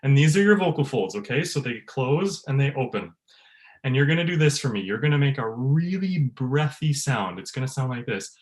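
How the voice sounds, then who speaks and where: Animated man teaching voice online. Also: medium pitch, moderate pace. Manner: animated, laughs often, demonstrates vocal sounds. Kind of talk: online voice workshop. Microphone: video call.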